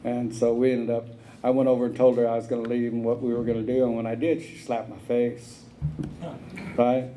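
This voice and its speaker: A man shares his story at a recovery meeting in a plain, unhurried drawl, full of "uh"s and "you know"s. His voice is mellow and relaxed, at a middling pitch. A faint noise sits under the recording. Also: poor audio. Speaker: AA speaker sharing his story.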